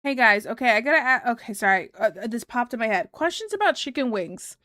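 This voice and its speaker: A woman's voice: on the high side, lively intonation, quick pace, pushed and bright, no room sound, studio quality. A woman streamer chatting casually with viewers, rambling with lots of fillers and giggles. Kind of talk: casual chat reading viewer comments.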